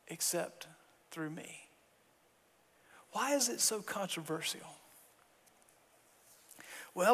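A man with a very high voice delivers a sermon with lively, emphatic preaching. He slips into quick mock dialogues before landing on strong declarations. His voice rings with long reverb, as in a large hall. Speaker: pastor.

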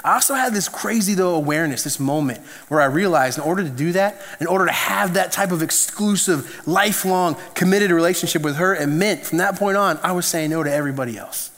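A man preaching a conversational sermon, telling stories with animated restarts and asides. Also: on the high side, fairly quick, few pauses. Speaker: pastor. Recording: echoey hall reverb.

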